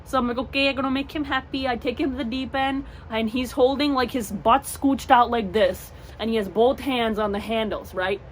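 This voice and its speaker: Young woman, storytime vlogger, animated, acts out voices, highish voice, faint background noise. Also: moderate pace, hardly any pauses. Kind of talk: storytime vlog.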